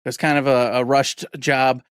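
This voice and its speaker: A man's voice: mid-range voice, flat delivery, normal speed, clear, resonant tone, dry recording, clean studio sound. A man hosting a podcast in casual chat, talking in a loose, rambling, jokey way. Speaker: podcast host.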